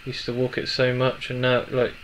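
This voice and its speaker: A young man in his twenties telling a personal story in a halting, emotional way with many restarts. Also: mid-range voice, completely flat delivery, a little hiss or hum, rough recording. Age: 20s. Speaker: vlogger.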